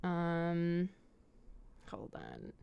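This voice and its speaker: A woman's voice: fairly low pitch, huge pitch swings, drawn-out words, creaky, clear, resonant tone, lo-fi sound. A woman hosting a casual movie chat, giggly and rambling as she thinks aloud. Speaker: host.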